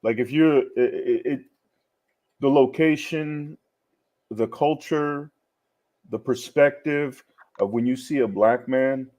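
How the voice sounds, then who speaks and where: A man speaks on a panel chat at an ordinary mid pitch. He explains his point slowly and in order, sometimes pausing to find the words. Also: warm tone.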